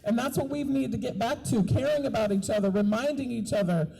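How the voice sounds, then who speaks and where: A woman's voice: a little high, brisk, gravelly, dark tone, low-quality recording. A woman giving an impassioned outdoor protest speech, earnest and repeating key phrases for emphasis. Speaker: rally speaker and doula. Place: outdoor park rally.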